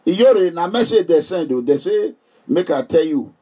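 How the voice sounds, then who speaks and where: A middle-aged Nigerian vlogger with a slightly rough, a-little-high voice talks at a moderate pace. Casual and animated, he jokes with viewers and laughs frequently, heard from a distance from the microphone.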